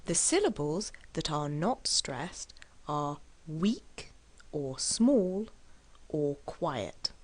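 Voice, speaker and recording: A woman teaching an English lesson, speaking with careful, deliberate enunciation and exaggerated syllable stress. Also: low-pitched. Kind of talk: scripted lesson delivery.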